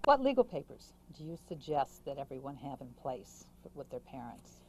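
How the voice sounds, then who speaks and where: A woman's voice: very deep voice, very animated, moderate pace, a little mellow, slight background noise, low-quality recording. A woman hosting a talk show, asking brief, attentive questions of her guest. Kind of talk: interviewing a guest.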